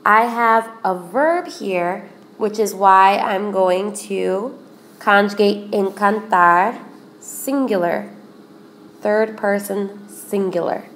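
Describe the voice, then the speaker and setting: Slow, careful woman teaching grammar. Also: medium pitch, a bit bright. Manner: slow, careful explaining, repeats examples. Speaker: Spanish teacher. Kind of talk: recorded grammar lesson.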